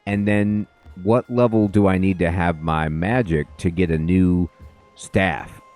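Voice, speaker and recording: A man with a low voice talks through his game session in a loose, chatty way. He thanks viewers in quick, bright bursts. Faint music plays under his voice. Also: fairly even intonation. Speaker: gaming host. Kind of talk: casual let's play commentary.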